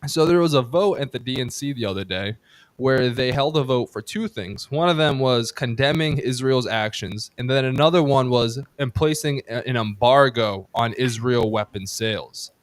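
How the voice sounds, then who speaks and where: A man's voice: medium pitch, normal speed, no echo. A man hosting a casual political podcast, heated and profane, rambling with restarts on a close mic. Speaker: podcast host.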